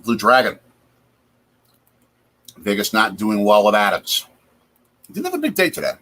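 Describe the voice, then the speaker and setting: A man's voice: fairly low pitch, wildly swooping pitch, moderate pace, pushed and bright. A man from Wisconsin hosting a casual live chat over a football game from his home basement, reacting aloud to plays. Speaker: host.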